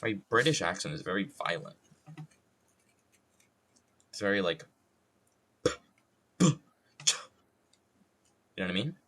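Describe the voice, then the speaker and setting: Low-voiced joking male streamer. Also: sing-song, unhurried, long pauses, pushed and bright, slight background noise. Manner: joking, rambling, self-deprecating, swears freely. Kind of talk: casual chat while wood carving on stream.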